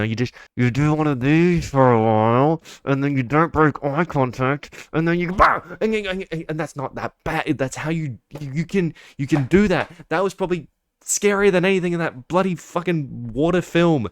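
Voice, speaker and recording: A man's voice: medium pitch, clear, resonant tone, no echo, studio quality. Ranting young man reviewing films. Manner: exasperated ranting with swearing and mocking asides. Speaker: film reviewer. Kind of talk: casual monthly movie review.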